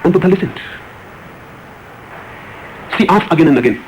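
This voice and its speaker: A man's voice: a little high, expressive, moderate pace, a little hiss or hum, rough recording. A man giving a spiritual discourse as a teacher, telling a story and answering questions with repeated, emphatic phrases.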